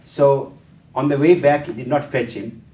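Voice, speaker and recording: At a workshop on family life, a man lectures through stories in a dark, mid-range voice with fairly even intonation and a moderate pace. He acts out the dialogue in changed voices, with frequent hesitant fillers, and the distant mic picks up the venue's roomy echo.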